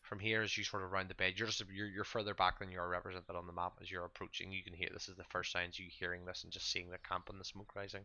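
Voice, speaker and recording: Brief: deep steady male game master, tense tone, stop-start narration. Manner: halting, with many fillers and restarts.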